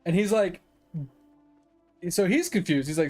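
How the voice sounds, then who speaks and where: A man's voice: high voice, lively intonation, a little slow, long pauses, darkish tone, faint music behind. A man streaming a game and chatting casually, rambling through stories and swearing freely. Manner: rambling, chuckling storyteller who swears freely. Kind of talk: casual chat while gaming.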